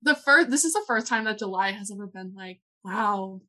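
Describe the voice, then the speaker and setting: A woman's voice: medium pitch, lively intonation, moderate pace, bright, forceful tone, no echo. A woman playing a tabletop role-playing game, chatty and playful, with many fillers. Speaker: player. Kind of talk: casual tabletop play.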